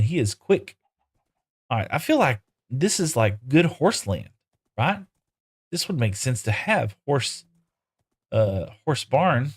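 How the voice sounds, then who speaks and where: A man's voice: mid-range voice, slightly rough. Chatty man streaming a game. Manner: chatty, talks to the animals in playful broken baby-talk; answers chat messages aloud while playing. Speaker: live streamer. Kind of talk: casual gameplay live stream.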